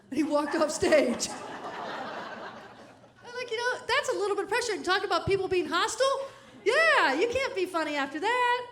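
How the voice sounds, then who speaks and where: A woman comedian delivers a keynote full of funny stories, laughing often as she goes. Her voice sits high and she tells each story in an animated way.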